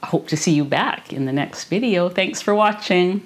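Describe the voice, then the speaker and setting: A woman's voice: lowish voice, normal speed. A woman chatting casually in her home kitchen as she tastes her cooking for a vlog. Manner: relaxed and chatty, tasting as she talks. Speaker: cooking vlogger. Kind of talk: casual cooking video chat. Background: clinking cutlery and dishes.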